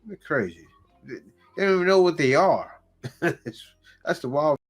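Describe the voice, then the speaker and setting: Laughing, lively-voiced man reacting. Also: fairly high pitch, normal speed, music in the background. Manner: laughs often, blunt and joking. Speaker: reaction video host. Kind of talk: casual commentary.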